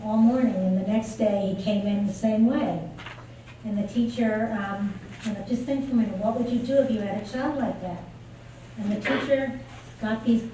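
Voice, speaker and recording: Woman keynote speaker, warm and mellow, chatty lecture style, picked up from afar in a very roomy hall. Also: medium pitch. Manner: conversational storytelling, frequent fillers. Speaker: keynote speaker on early childhood play. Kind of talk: conference lecture. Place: large lecture venue. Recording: echoey hall from far off, faint noise.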